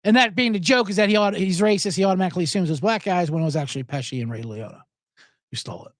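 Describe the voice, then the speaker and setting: Man, podcast host, rambling casual storytelling, lively up-and-down pitch, dry sound. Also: racing, dry recording. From South Jersey, USA. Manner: rambling storyteller, acts out people's lines in loud higher voices. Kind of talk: casual chat.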